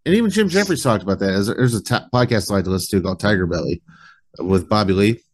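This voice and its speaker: A man's voice: fairly low pitch, expressive, fast. A man hosting a podcast, chatting casually and jokingly, swearing freely as he rambles. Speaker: podcast host. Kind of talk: casual chat.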